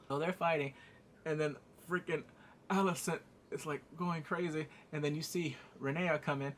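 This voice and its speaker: A man's voice: fairly high pitch, normal speed. A man giving a casual, profane recap of an episode, laughing and acting out the scenes with sound effects. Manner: excitable, profane, laughs while retelling. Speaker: TV show reviewer.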